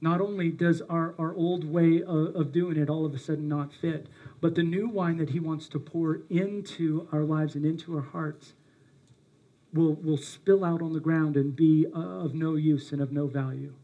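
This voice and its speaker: A man's voice: on the high side, steady tone, normal speed, phone-quality sound. A male pastor preaching a sermon, earnest and emphatic, speaking directly to his congregation.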